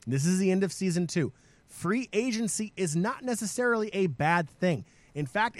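A man talks through esports news as a co-host. His voice sits high for a man and comes across emphatic and lively, with a habit of repeating words as he gets going. The sound is dry, with no room around it. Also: no room sound. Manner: animated, emphatic, repeats words when starting. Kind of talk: casual esports news discussion.

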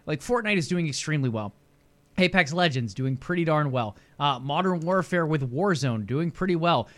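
A man's voice: fairly high pitch, fairly bright tone. A man co-hosting a casual gaming news stream, chatty and laughing easily with filler words. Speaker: podcast co-host.

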